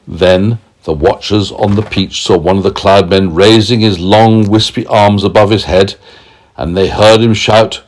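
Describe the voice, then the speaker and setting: A man reading a bedtime story aloud to a small child, expressive and gentle, pausing to explain words. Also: on the low side. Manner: slow, expressive, asides to a child.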